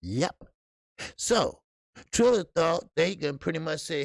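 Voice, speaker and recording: Gravelly man riffing live on boxing. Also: fairly high pitch, very animated, takes it slowly, pauses often, no room sound, clean studio sound. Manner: loose, profane, talks to the chat. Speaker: boxing show host. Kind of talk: casual live-stream commentary.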